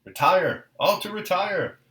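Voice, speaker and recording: A man reading aloud and voicing a flustered staff officer who shouts in a gasping voice. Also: high-pitched, very animated, unhurried, reverberant, pitched above the performer's own voice, full character voice. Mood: shouting orders.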